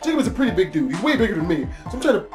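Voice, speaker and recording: A man telling a story in casual, profane storytime style, animated and laughing at his own tale. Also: sits high, rapid-fire, music in the background. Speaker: YouTube storyteller.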